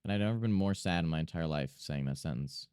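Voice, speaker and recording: A man's voice: very deep voice, animated, quick pace, darkish tone, clear, resonant tone, no echo, clean studio sound. A young man streaming from home, chatting casually and self-mockingly to himself and his chat while he draws.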